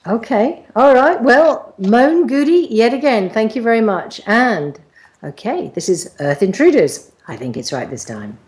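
A woman's voice: fairly high pitch, big pitch swings, measured pace, a little mellow. A woman radio host running an interview, hesitant and full of "um" and "okay". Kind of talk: hosting an interview.

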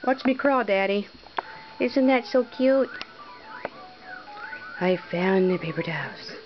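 A woman's voice: medium pitch, lively intonation, takes it slowly. A woman speaking for her baby daughter, who proudly shows her daddy what she can do. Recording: dull lo-fi home video, faint noise.

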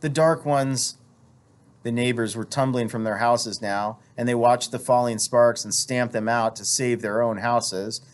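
A man reads a novel aloud for a class in a plain voice at a middle pitch. He stops now and then to explain a passage, and his voice lifts gently whenever he comes to the characters' dialogue. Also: flat delivery, moderate pace, hardly any pauses. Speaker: teacher reading a novel aloud. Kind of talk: read-aloud with commentary.

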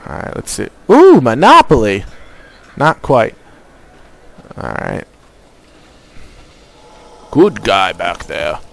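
A man hosting a casual let's play, chatty and excitable, swearing freely. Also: sits low, takes it slowly, gravelly, pauses often. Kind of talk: casual gameplay commentary.

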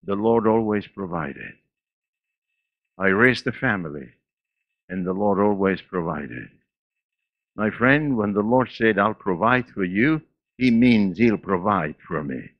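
A man in his eighties with a foreign accent, preaching a sermon in church with laughs and sudden swings between loud and quiet. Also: fairly low pitch, expressive, measured pace, long pauses, dry recording, lo-fi sound. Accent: non-native English. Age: 80s. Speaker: pastor.

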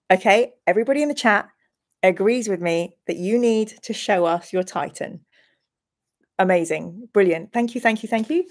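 A woman in her forties hosts a live-streamed play-through of a fantasy gamebook. She reads the passages aloud and chats with her viewers between them, in a chatty, animated way. Her voice sits in a middle pitch. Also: normal speed. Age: 40s. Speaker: host reading a gamebook to a live chat.

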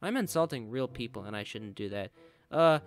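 A man giving goofy playthrough commentary on a racing game, yelling when he falls behind and chanting made-up nonsense words. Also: medium pitch, expressive, normal speed. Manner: goofy, yells in frustration, makes up nonsense rhymes. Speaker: gaming channel host.

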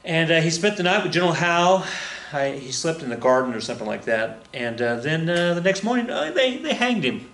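With a slightly high, animated voice that's fairly bright and a bit fast, this man gives a loose, meandering history lecture full of fillers, false starts and little laughs. It's recorded in an echoey room where a flag hangs on the wall.

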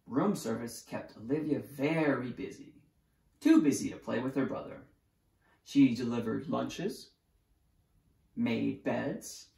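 A preschool teacher reading a picture book aloud to children, expressive and animated, in a roomy echo. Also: mid-range voice, creaky. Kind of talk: storybook read-aloud.

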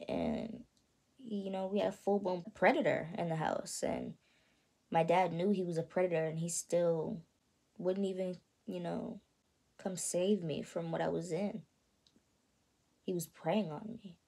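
Young woman of 18, low raspy voice with gravelly fry, soft halting confessional storytelling. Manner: soft, halting, with frequent "you know what I mean". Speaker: vlogger.

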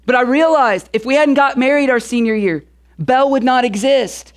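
A pastor in his thirties preaching a sermon through a relaxed personal story, talking conversationally with casual fillers. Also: extremely high pitch, normal speed.

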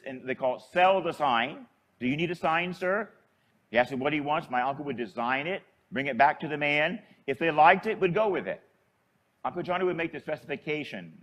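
A man, a Catholic priest, delivering a homily as an animated storyteller who chuckles as he goes. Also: fairly high pitch.

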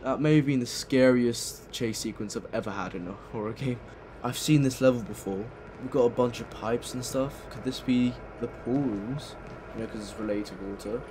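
A man's voice: medium pitch, normal speed, noisy background. A man commentating a horror game as he plays, reading in-game notes aloud and swearing when startled. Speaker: gameplay commentator.

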